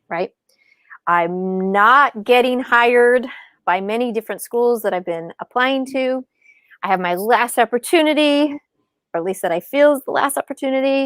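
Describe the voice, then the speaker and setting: A middle-aged woman telling her story in an animated, casual way as an interview guest, acting out quoted lines in a higher voice. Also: clear, resonant tone, no echo, clean studio sound. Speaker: podcast guest, author and speaker.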